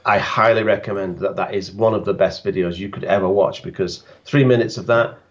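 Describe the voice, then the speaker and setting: A man's voice: fairly low pitch, steady tone, fairly quick, highs cut off. A man, a guest landscape photographer, bantering with dry, self-mocking humor on a live stream.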